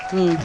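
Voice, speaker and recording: A middle-aged woman giving an energetic, playful motivational seminar talk, bossing a conference audience into call-and-response. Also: low-pitched, background noise. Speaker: motivational speaker. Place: conference hall.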